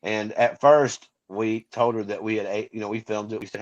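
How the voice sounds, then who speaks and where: A man co-hosting a casual podcast, talking in halting bursts with frequent restarts. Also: fairly low pitch. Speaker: podcast co-host. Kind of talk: casual chat. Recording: dull lo-fi sound.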